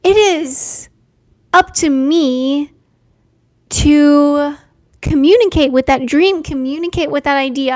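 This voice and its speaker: A young woman hosting a casual live stream, reading out viewers' names and talking gently and affirmingly about dreams. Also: high-pitched, dry recording, clean studio sound. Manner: slow, gentle, spiritual and affirming.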